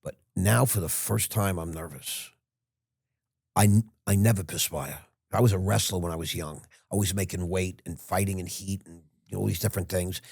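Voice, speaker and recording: An older man, a podcast guest, telling stories in a rambling way with halting restarts. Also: sits low, creaky, darkish tone, breathy edge, no echo, studio quality. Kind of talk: casual storytelling.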